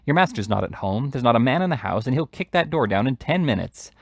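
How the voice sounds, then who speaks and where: A man's voice: medium pitch, big pitch swings, fast, vocal fry, no echo, voice pushed up. A man voicing a flustered, fearful middle-aged housewife in a storybook reading. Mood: fretful. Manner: fretful, fussing.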